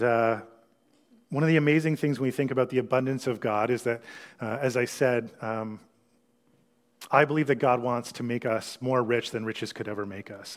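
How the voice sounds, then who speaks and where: Soft-spoken pastor in a reverberant hall. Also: male voice. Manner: reflective, often drops to a soft low voice. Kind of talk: sermon. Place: church hall. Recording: long reverb of a church hall.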